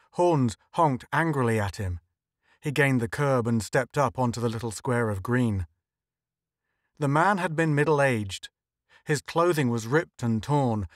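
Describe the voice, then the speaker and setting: A man reading a story aloud at a steady, measured pace, his voice at an ordinary middle pitch. The recording is close and dry, with no room sound. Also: dry recording. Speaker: audiobook narrator. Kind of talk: scripted narration.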